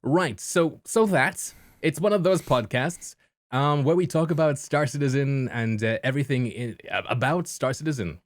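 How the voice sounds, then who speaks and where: A man's voice: medium pitch, moderate pace, dry recording. Guy hosting a podcast, chatty and rambly, dead dry sound. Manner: chatty, rambling with fillers and laughs. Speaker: podcast host. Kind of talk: casual podcast chat.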